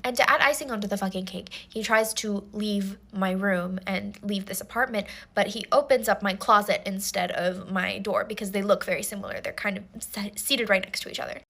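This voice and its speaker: A woman's voice: mid-range voice, fairly even intonation, brisk, gravelly, few pauses, fairly bright tone. A young woman telling a comedic storytime in a mock-earnest, rambling way full of restarts. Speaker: TikTok storyteller.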